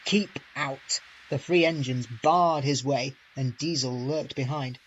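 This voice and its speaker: A man reading a children's storybook aloud in a measured, plain narrating voice. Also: mid-range voice, fairly even intonation, highs cut off, a little hiss or hum. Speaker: storybook reader.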